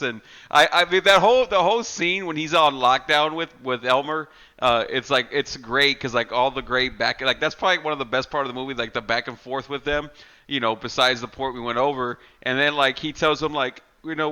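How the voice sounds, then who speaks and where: A man's voice: medium pitch, fairly quick, bright, forceful tone, clear, resonant tone. A man co-hosting a casual horror movie podcast, swearing freely and acting out scenes in silly voices. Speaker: podcast co-host.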